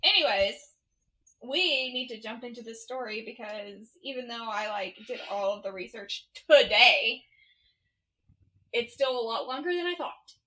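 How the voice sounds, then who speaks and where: Chatty young woman on a podcast, high and bright, teasing her cohost. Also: animated, a little slow, poor audio. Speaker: podcast co-host. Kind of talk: casual chat.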